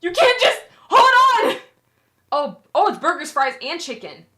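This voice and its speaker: A woman's voice: extremely high pitch, big pitch swings, unhurried, heavy background noise. A young woman streamer chatting casually with her viewers, often laughing and apologizing as she reads chat.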